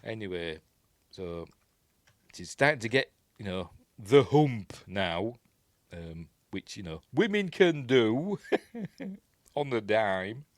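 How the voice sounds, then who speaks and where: Low-voiced Yorkshire man recapping a film. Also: sing-song, slow, long pauses, dry recording, clean studio sound. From Yorkshire, England. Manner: rambling, chatty, full of ums and asides. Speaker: film reviewer.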